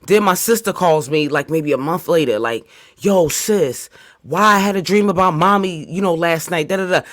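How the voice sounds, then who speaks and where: A man's voice: normal speed, a bit bright. Stammering man in heartfelt casual commentary. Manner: stammering, heartfelt, rises high when pleading. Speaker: host reacting to a clip.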